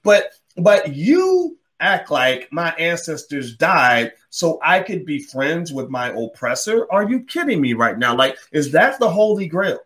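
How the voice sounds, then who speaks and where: A man hosting an opinion podcast, delivering a heated, sarcastic monologue with wide swings in delivery. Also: measured pace. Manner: heated, sarcastic, mocks others in put-on voices; animated, swings pitch widely. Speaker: podcast host.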